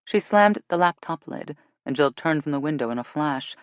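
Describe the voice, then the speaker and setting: Low-voiced woman narrating an audiobook. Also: normal speed, no room sound. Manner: expressive, switches between characters. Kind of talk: scripted narration.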